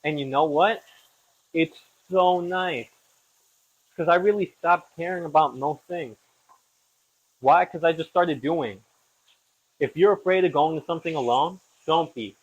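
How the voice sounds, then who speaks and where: A young man hosts a podcast from his kitchen, cooking as he chats casually, rambling with self-deprecating asides. His fairly high voice has a breathy edge, a measured pace, and frequent pauses. The lo-fi recording is slightly dull.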